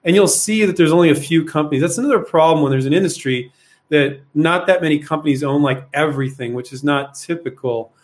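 A man hosts a casual live question-and-answer session, coaching viewers bluntly. He rambles, fills pauses with "um" and fires off rhetorical questions. His voice sits a little high for a man.

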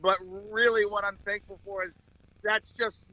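A man's voice: sits high, flat delivery, moderate pace, sharp tone, poor audio. A man in his twenties, a comedian guest on a podcast, telling profane rambling stories and laughing often. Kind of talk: casual podcast storytelling.

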